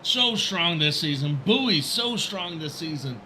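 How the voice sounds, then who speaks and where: A high, bright man doing sim racing play-by-play. He talks with eager, excitable energy and a keen edge, with a faint hum of ambience behind him. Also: a little slow. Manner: excitable, shouting at big moments. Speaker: race commentator.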